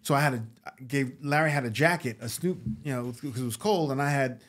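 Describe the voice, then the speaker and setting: A man guest on a podcast, telling stories in a casual, animated way, acting out the voices of the people in them. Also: medium pitch, quick pace. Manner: animated, acts out voices in anecdotes. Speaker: guest actor. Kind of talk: casual storytelling interview.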